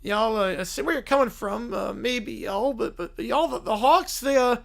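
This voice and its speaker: A man's voice: very high voice, normal speed, vocal fry, a bit bright, exaggerated voice. A man doing a stammering, meek Southern lawyer. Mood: flustered. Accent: put-on Southern US drawl. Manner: stammering, hesitant, full of fillers. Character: meek bumbling male defense lawyer, apologetic. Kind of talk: comic improvised courtroom role-play.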